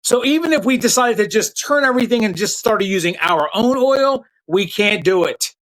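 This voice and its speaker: A man's voice: high voice, animated, moderate pace, fairly bright tone, rough recording. A man hosting a live political commentary stream, talking bluntly and with heat straight to his chat viewers, using loose slang and restarting his sentences. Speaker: political commentary livestream host.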